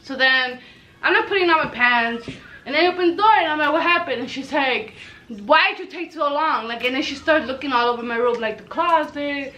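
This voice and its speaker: A young woman telling a funny personal story to camera in a casual, animated way, swearing freely and acting out what everyone said. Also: high-pitched, brisk, rough recording. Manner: animated, swears freely, acts out quoted lines. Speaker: storytelling vlogger.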